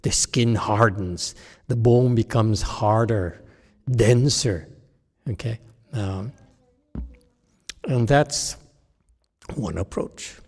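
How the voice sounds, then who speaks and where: Man, Buddhist teacher, lecture, halting restarts, slow unhurried delivery, somewhat low voice, long hall reverb. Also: darkish tone, slightly rough. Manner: halting, many restarts, rhetorical "okay?". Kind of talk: Dharma lecture answering questions.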